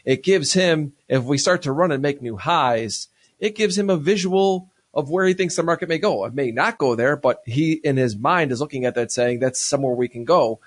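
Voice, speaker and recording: A man hosting a livestream trading talk show, explaining ideas quickly and reading viewer questions. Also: a little high.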